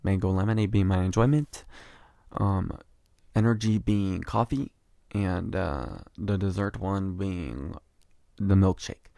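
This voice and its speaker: Young male podcast host, low gravelly voice, dry close sound, chatty dramatic storyteller who swears. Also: slow pace, dark tone, no room sound. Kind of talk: casual storytelling monologue.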